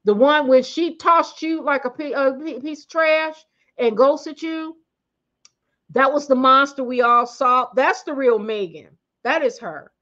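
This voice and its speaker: A woman gives blunt, slangy commentary on her vlog in a fairly high voice. She stresses her points hard and often breaks off and restarts mid-sentence. The recording is slightly muffled and lo-fi. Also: a little slow, fairly bright tone. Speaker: commentary vlogger. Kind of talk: casual opinionated commentary.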